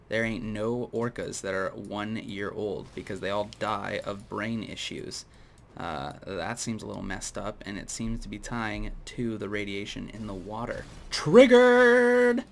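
A man giving casual gameplay commentary, going off on opinionated tangents and talking straight to viewers, with a dry mouth that keeps him clearing his throat. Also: fairly low pitch, a bit bright, a little hiss or hum. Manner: rambling, opinionated tangents, addresses viewers directly. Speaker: gaming video host.

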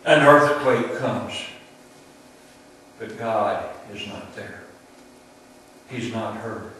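A man preaching a sermon, retelling a story slowly and deliberately, with dramatic pauses. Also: lowish voice, a bit bright. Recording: very echoey room, distant mic, faint ambience.

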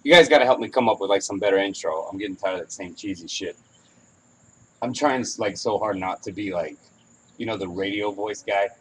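A man's voice: fairly low pitch, brisk, a bit bright, breathy edge, low-quality recording. A man hosting a casual podcast chat, candid and rambling, swearing freely as he talks. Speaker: podcast host. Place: outdoors on a porch at evening.

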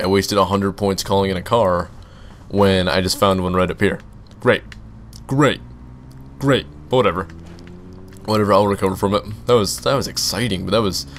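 A man's voice: on the low side, slight background noise. A young man commenting on his own gameplay, rambling and breaking into panicky outbursts. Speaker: gaming YouTuber. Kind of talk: let's play commentary.

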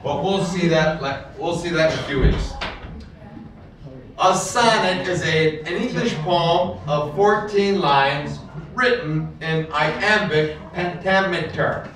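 A man teaching English literature to a class, repeating key words slowly and patiently for the learners. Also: fairly high pitch, fairly bright tone. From United States. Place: school classroom full of students. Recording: echoey classroom, far from the mic.

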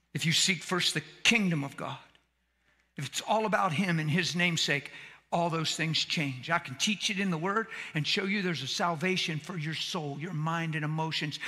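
A man preaches with a high, piercing voice that carries through a reverberant church hall. His speech is folksy and colloquial. He swings between hushed, intimate lines and loud shouts. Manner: plain colloquial grammar. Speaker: pastor. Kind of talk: sermon. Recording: echoey hall.

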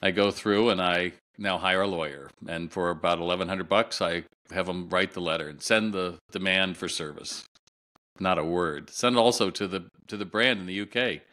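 Man, middle-aged, low voice, bright forceful tone, animated storytelling, interview guest. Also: moderate pace. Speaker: guest retail consultant.

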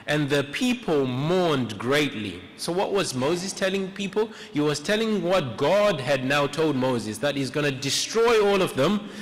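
A man preaching a sermon in a church, retelling a story in an earnest, reflective way with pauses. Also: on the high side, lively intonation. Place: church sanctuary. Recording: echoey church hall.

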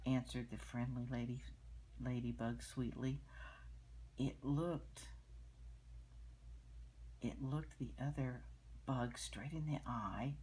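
An older woman reading a picture book aloud to children, gently pointing out the pictures and explaining them as she goes. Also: a bass voice, fairly even intonation, slow, pauses often, slightly rough.

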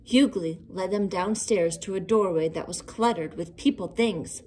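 A woman reading a children's picture book aloud in an expressive, sing-song storytelling manner. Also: medium pitch, moderate pace, slight background noise. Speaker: storybook reader.

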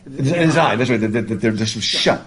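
A man lecturing as a literature professor in a classroom, animated and discursive, reading passages aloud to his students. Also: mid-range voice, normal speed. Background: students in the room.

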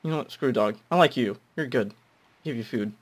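A young man giving goofy, rambling gameplay commentary, nervous and self-mocking, often breaking into shrill shouting. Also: brisk, breathy edge. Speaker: gamer.

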